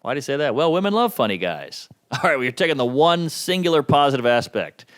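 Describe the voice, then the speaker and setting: A man doing a stand-up comedy set with a wry, self-deprecating delivery, swinging between low mutters and sudden high outbursts. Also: sing-song, quick pace, fairly bright tone. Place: comedy stage before a laughing audience.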